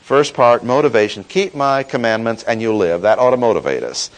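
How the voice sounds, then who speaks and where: Lively-voiced man preaching a sermon. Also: medium pitch, rough recording. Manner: measured, emphatic teaching with slow stresses on key words. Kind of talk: expository sermon.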